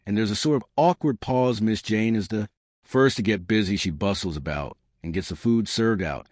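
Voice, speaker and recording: Low-voiced male audiobook narrator. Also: normal speed, a little mellow, no echo, clean studio sound. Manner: colloquial, chatty storyteller. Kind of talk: audiobook narration in first person.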